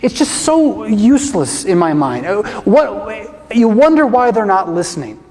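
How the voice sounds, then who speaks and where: A middle-aged pastor giving an animated, emphatic talk to a church audience, often tossing in rhetorical questions. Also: male voice, high voice, measured pace, a crowd in the background. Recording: long reverb of a large hall.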